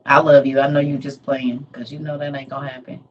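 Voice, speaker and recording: A woman's voice: very deep voice, level tone, quick pace, highs cut off, a little hiss or hum. A middle-aged woman, chatting casually on a livestream and answering viewers' comments by name, laughing often. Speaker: livestream host.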